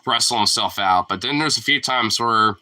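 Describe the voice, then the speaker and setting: A young man rambling casually to his dog at home, profane and teasing, jumping into a high squeaky voice to call the pet. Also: normal speed, bright, forceful tone. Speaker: vlogger talking to his dog. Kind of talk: casual chat.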